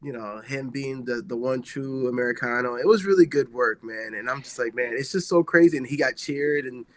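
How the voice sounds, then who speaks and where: A man co-hosting a wrestling podcast, chatting casually and excitedly, rambling with lots of filler words. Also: medium pitch, brisk. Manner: excitable, rambling, heavy use of "like". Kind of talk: casual chat.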